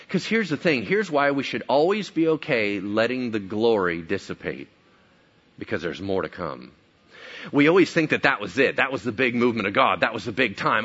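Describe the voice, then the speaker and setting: A man preaching a sermon, animated, acting out the people in the story as he goes. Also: medium pitch, moderate pace, breathy edge, highs cut off. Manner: animated, acts out biblical characters. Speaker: pastor.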